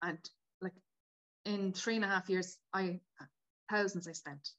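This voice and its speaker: A woman, a podcast guest telling a personal story in a lively way and acting out the people she quotes. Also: fairly low pitch, measured pace. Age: 50s. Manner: animated, acts out quoted dialogue. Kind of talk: casual storytelling.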